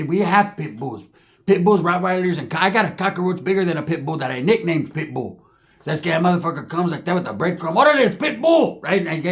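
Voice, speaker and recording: A man's voice: on the high side, creaky. A man telling a comedic story in slangy street talk, acting out the people in it. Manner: slangy, animated, acts out other characters' voices.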